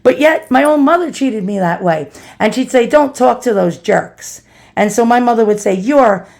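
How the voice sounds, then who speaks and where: A middle-aged woman vlogger telling a personal story, chatty and earnest, calling her listeners boys and girls. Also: medium pitch. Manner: earnest, confessional.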